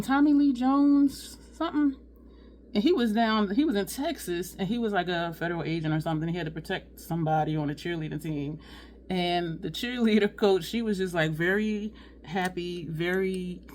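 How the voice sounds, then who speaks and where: A woman's voice: medium pitch, a little hiss or hum. A woman chatting casually through a makeup tutorial at home, sweating and talking to her viewers as "y'all". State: sweating, overheated. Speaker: beauty vlogger.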